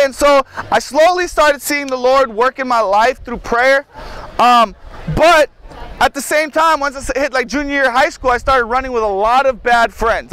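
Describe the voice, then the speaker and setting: A man's voice: very high-pitched, fairly bright tone, clean tone, rough recording. A young man telling his personal testimony outdoors in a casual, rambling way, full of "like" and "you know.". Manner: casual, filler-heavy with frequent "like" and "you know". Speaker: testimony speaker at outdoor worship.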